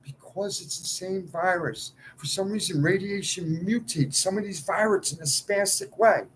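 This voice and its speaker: A man delivering an impassioned, rambling monologue straight to his viewers, swinging between shouting and muttering. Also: sits high, normal speed, slight background noise, rough recording. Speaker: video poster.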